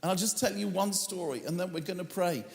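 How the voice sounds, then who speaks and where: A man's voice: high-pitched, fairly quick, gravelly, echoey room, long reverb tail. A man preaching a sermon as a pastor, telling a story earnestly and acting out the lines he once spoke. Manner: earnest storytelling, acts out his own quoted words.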